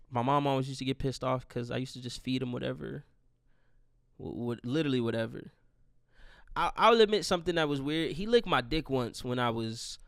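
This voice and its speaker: A man's voice: mid-range voice, fairly bright tone, clear, resonant tone, no echo, studio quality. A man in his twenties hosting a podcast, telling a rambling, profane, grieving story in a casual monologue. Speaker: podcast host.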